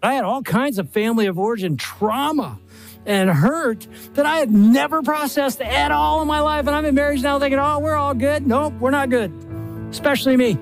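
An older man preaching a sermon, telling stories with lively acted-out quotes. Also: extremely high pitch, moderate pace, vocal fry, faint music behind. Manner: animated storytelling with acted-out quotes. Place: live event stage.

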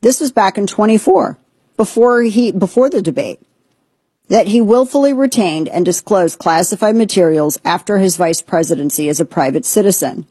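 A woman's voice: mid-range voice, normal speed, mellow, husky, dry recording. A woman hosting a political commentary show, talking in an indignant, sarcastic, emphatic way. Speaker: host.

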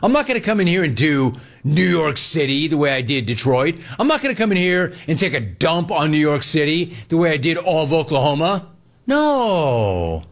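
A man's voice: on the high side, very animated, moderate pace. A man doing a mocking impression of a cocky male sports caller who sounds breezy and falsely humble. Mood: mock friendly.

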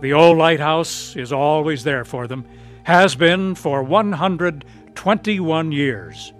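A man announcing and narrating a radio drama in a measured, earnest way. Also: a little high, lively intonation, faint music behind.

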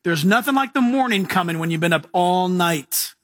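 A man preaching a sermon as pastor, telling stories with jokes and chuckles and mimicking other people in lively asides. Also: sits high, moderate pace.

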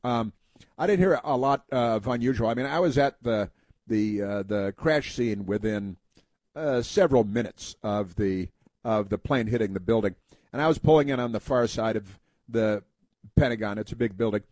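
A man's voice: fairly low pitch, normal speed, a little mellow, no room sound. A man hosting a radio talk show, talking casually in a rambling, wry, self-mocking way from a studio.

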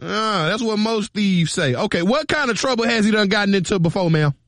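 A man on a radio show doing a prank call, posing as a police officer in a slow, mock-serious, teasing way. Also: high voice, animated, a bit bright, dry recording, clean studio sound. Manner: mock-serious, drawn-out, teasing with a slight drawl.

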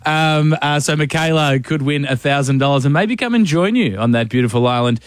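An Australian man hosting a radio show, teasing his co-host in quick banter and running a phone quiz. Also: fairly high pitch, no echo. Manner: teasing, quick-fire and playful.

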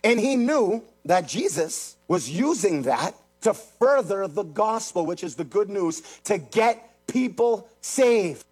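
A man's voice: high-pitched, animated, takes it slowly, few pauses, darkish tone, breathy edge, soft background music. A man preaching a sermon, emphatic and repetitive, speaking straight to his congregation. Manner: emphatic, repeats phrases, addresses the congregation directly. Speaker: pastor.

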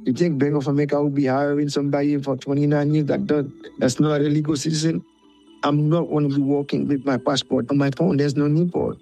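A man in his fifties, hoarse from cheering, with a gravelly, husky voice. He speaks earnestly and emphatically in an interview, a little higher than most men. Faint music plays under him. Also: flat delivery, fast talker, dark tone, low-quality recording. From Haiti. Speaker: interviewee, soccer fan. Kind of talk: interview clip.

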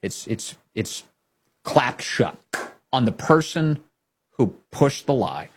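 A man's voice: mid-range voice, big pitch swings, takes it slowly, a little hiss or hum. A man hosting a political commentary show, talking casually with a sarcastic, incredulous edge.

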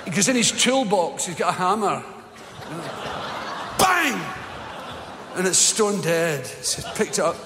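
A man's voice: sits high, expressive, moderate pace, few pauses, noisy background. A Scottish man telling a rambling, sweary story in live stand-up, recorded in an echoey hall. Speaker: stand-up comedian.

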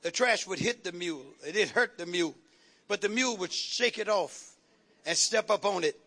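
A man's voice: sits high, lively intonation, normal speed, bright, forceful tone. A man preaching a fervent sermon, calling out to the congregation and asking for responses.

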